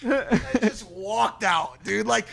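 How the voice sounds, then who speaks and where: High gravelly man in casual chat. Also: slow, a bit bright. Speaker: podcast co-host.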